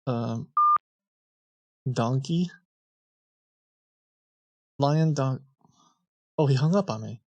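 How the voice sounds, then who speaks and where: Gravelly playful male podcast host. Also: mid-range voice, drawn-out words, pauses often. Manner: playful, mock-clueless, deadpan. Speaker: podcast host prank-calling a scammer. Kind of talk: casual chat.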